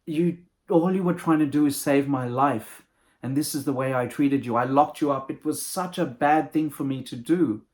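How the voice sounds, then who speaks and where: A man's voice: mid-range voice, normal speed, a little mellow, natural voice. A man voicing a proud, hot-tempered king who blusters and scolds in a raised voice. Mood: remorseful. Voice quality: blustering, indignant.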